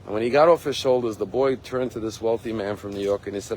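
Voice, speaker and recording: A rabbi giving a sermon, telling a story in an earnest, emphatic way. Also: male voice, fairly low pitch, fast, a little mellow, slight background noise, poor audio. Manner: earnest, emphatic, acts out quotes.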